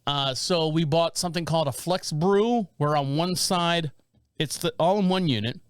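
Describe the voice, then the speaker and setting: This podcast co-host in his forties speaks at normal speed with a clean, slightly high voice while telling a long, animated story that wanders and restarts frequently in a casual chat. It's a dry, studio-quality recording.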